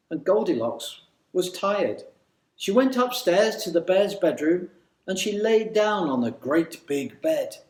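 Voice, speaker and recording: Male storyteller, storybook reading, slow, lively pitch, echoey room. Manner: slow, animated, sing-song.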